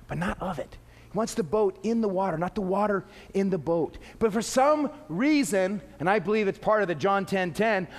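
Man preaching, high voice, lively, echoey church hall. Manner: animated, acting out little scenes. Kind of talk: sermon.

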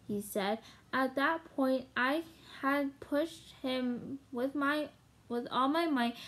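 High-voiced woman reading slowly aloud. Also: fairly bright tone. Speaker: reader of a children's book channel.

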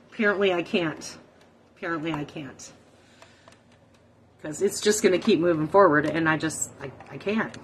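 A woman's voice: low-pitched, normal speed, pauses often, slight background noise, poor audio. Sex: woman. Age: middle-aged. Style: chatty live cooking stream. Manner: chatty, self-deprecating, exasperated by her setup. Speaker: cooking livestream host. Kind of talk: casual live cooking chat to viewers. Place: small home kitchen. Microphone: phone.

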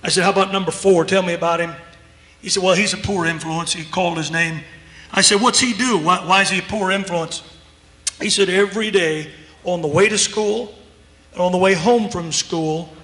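The preacher here is a man whose high, fairly bright voice stays fairly even in intonation at a normal speed. In a reverberant church sanctuary, he tells a story with emphasis, voicing both sides of a dialogue.

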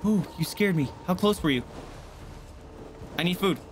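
Excitable swearing young male streamer. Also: sits high, normal speed, slight background noise. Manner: excitable, swearing, panicky outbursts. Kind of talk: live gameplay commentary.

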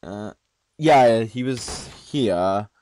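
A man's voice: on the low side, expressive, slow pace, darkish tone, a little hiss or hum. An eighteen-year-old man giving gameplay commentary, jumpy, swearing and shrieking at scares. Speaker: gamer.

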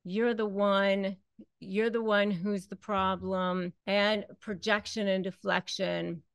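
A woman's voice: mid-range voice, level tone, slow pace, creaky, dry recording. A woman hosting an advice talk, speaking conversationally and acting out bits of quoted dialogue. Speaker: host.

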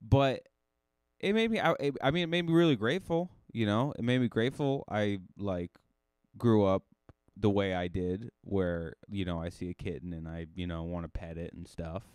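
A man hosting a casual solo podcast, telling a rambling story full of restarts and sudden rises in pitch. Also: moderate pace, smooth, no echo. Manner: rambling, self-correcting storyteller with lively jumps in pitch. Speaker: podcast host.

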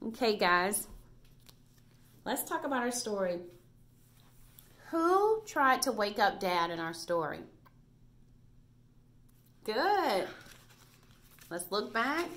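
A woman's voice: medium pitch, fairly bright tone. A woman teaching a recorded reading lesson to first graders, patient and praising as she spells out letters.

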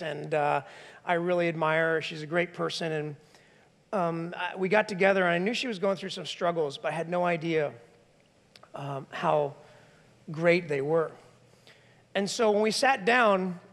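A man preaching a sermon as lead pastor in a church, talking in an animated, conversational way and acting out the voices of people he quotes. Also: high voice. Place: church sanctuary. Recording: long hall reverb.

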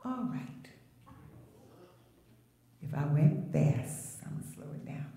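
A woman's voice: sits low, animated, takes it slowly, vocal fry, long pauses, mellow, far from the mic. A woman pastor preaching a sermon, emphatic and rhythmic, drawing out her phrases. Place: large church sanctuary. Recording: very echoey sanctuary, voice from afar.

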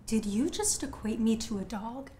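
A woman's voice: on the high side, lively intonation, moderate pace, mellow, slight background noise, close to an everyday voice. A woman playing an indignant young actress. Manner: pointed, lecturing. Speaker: actress on a film set. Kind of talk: student film acting.

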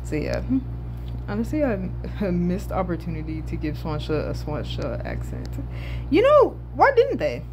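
A woman's voice: fairly low pitch, moderate pace, music in the background. A woman from the southern United States giving casual reaction commentary, swearing freely and stuttering as she rambles. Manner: animated, swearing, laughing, stuttering.

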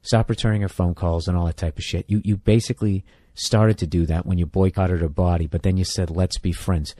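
A man's voice: deep voice, fairly even intonation, fairly quick, dark tone, no room sound. A man from the United States, a podcast host giving comedic advice in a blunt, profane, rambling rant.

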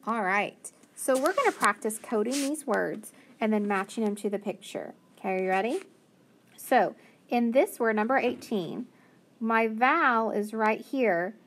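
A woman's voice: on the high side, a little hiss or hum. A woman teacher giving a phonics lesson to young children, patiently sounding out each word. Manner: slow, patient, sounding out words.

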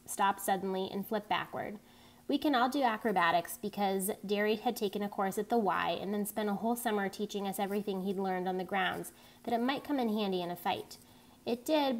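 A woman reading a novel chapter aloud, telling it plainly and evenly, with small rises for the dialogue. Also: medium pitch. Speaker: reader.

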